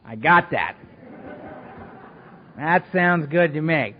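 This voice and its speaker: A man addresses a recovery meeting, swinging his fairly high voice widely as he tells his story with self-mocking humor. The sound is muffled and lo-fi, and a long hall reverb trails behind every line. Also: huge pitch swings, measured pace, pauses often. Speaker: AA meeting speaker. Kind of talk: storytelling talk to a live meeting. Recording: echoey hall, dull lo-fi sound.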